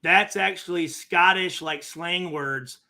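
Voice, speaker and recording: A man's voice: sits high, takes it slowly, creaky, pushed and bright. A man hosting a casual chat, often restarting and repeating words as he talks. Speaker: show host.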